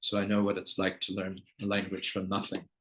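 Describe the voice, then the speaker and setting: Low-voiced interviewer man. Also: monotone, a little fast, a bit bright, rough recording. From United States. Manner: short interjections and follow-up questions. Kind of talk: conversational interview.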